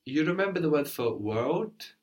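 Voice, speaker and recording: A man's voice: fairly high pitch, animated, normal speed, darkish tone. A man teaching a language lesson, patiently prompting and encouraging his student.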